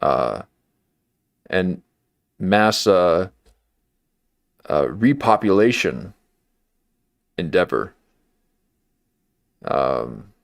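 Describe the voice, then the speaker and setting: A man riffs in a casual, joking livestream commentary, his voice sitting fairly low. He takes his time, drawling and wandering through fillers and half-finished thoughts before landing a wry remark. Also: sing-song, very slow, vocal fry, long pauses, dry recording, clean studio sound. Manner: rambling, wry, with many fillers and restarts.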